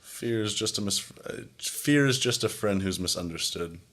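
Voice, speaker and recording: A young man with a very low, deep voice chats loosely on a podcast, piling on filler words and replaying his own conversations. His talk is relaxed, open and meandering. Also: moderate pace. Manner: rambling, frequent "like" fillers, acts out quoted exchanges. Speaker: podcast host. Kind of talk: casual conversation.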